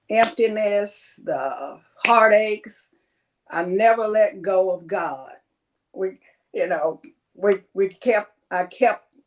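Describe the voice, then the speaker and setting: A woman speaking as an interview guest, telling her story in a halting way with many pauses. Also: mid-range voice. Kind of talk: personal interview testimony.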